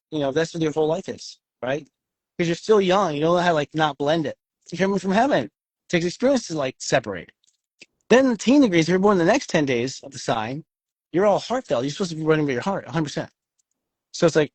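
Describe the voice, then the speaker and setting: A raised, husky man's voice that swings widely in pitch, chatting loosely and cursing often. The sound is dry and close. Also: fairly quick, no room sound. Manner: animated, swears freely, acts out quoted voices. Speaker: astrology show co-host. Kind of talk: casual chat.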